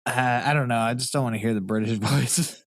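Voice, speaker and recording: A man's voice: mid-range voice, a little fast, no room sound, clean studio sound. A man hosting a podcast in casual chat, talking loosely with lots of swearing and laughing. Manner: loose, profane, laughing often. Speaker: podcast host.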